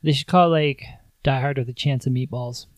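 A man co-hosting a podcast, chatting casually about a movie, laughing often and acting out lines loudly. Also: mid-range voice, fairly even intonation, a little fast, no room sound. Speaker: podcast co-host.

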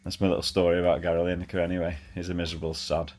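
Deep, flat-voiced man. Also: racing. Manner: chatty, laddish, full of fillers. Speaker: caller sending a voice message. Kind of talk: storytelling voice message.

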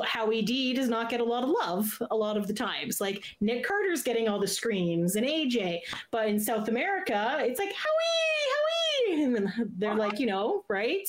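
A woman from Canada in her thirties tells fan stories in casual conversation. She is animated, her pitch jumping around as she talks, and she breaks into laughter often. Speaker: guest fan. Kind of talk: casual chat.

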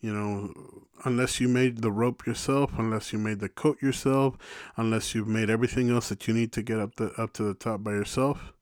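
A man's voice: fairly low pitch, fairly even intonation, a little fast, dry recording, clean studio sound. A man talking reflectively in a casual podcast conversation, rambling with many restarts. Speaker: podcast co-host.

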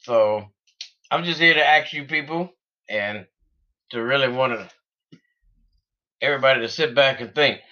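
A man's voice: medium pitch, sharp tone, dull audio. A man vlogging in an unscripted, rambling way, earnest and laughing between thoughts. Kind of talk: casual unscripted monologue.

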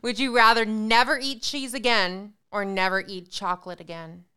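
Bright clear-voiced woman host, upbeat, reading quiz questions, faint music. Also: mid-range voice, steady tone. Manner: upbeat, reads questions briskly. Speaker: podcast host. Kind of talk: podcast interview, quiz questions.

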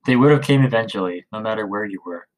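A man voicing a calm, steady middle-aged mother in a storybook, speaking softly without raising her voice. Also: on the low side, fast talker, natural voice, poor audio. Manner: calm, soft-spoken.

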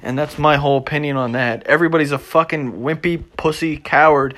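Young man, podcast host, unscripted rant, profane, blunt, agitated, bright tense tone. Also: a little high, steady tone, brisk, hardly any pauses. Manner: profane, blunt and agitated, drifting between mumbling and loud outbursts. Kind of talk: unscripted ranting monologue.

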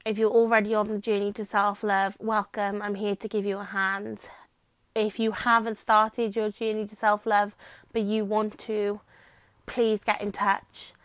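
A woman's voice: medium pitch, level tone, a little slow, fairly bright tone, smooth. A young Welsh woman hosts her own podcast, rambling along in a chatty, self-deprecating way. She talks into a microphone while lying on her bed. The sound is dry and close, with no room echo. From Wales. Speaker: podcast host. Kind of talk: casual chat.

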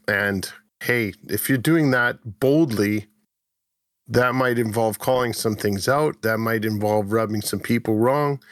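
A chatty man co-hosts a casual faith podcast, rambling and animated, often cutting himself off midway. His voice sits in a middle register and sounds dry and close, with no room around it. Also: mid-range voice, no room sound. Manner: rambling, animated, self-interrupting. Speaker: podcast co-host.

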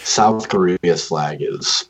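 A man's voice: sits low, takes it slowly, crowd noise. A man co-hosting a casual, profane podcast chat, rambling and swearing freely. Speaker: podcast co-host. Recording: dull lo-fi recording.

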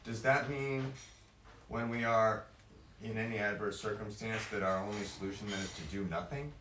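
Lowish male participant in a Bible discussion, probing questions, roomy and distant, faint ambience. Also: steady tone, normal speed, background noise. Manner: questioning, thinks aloud, quotes verses. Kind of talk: group discussion. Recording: echoey room, voice from off-mic.

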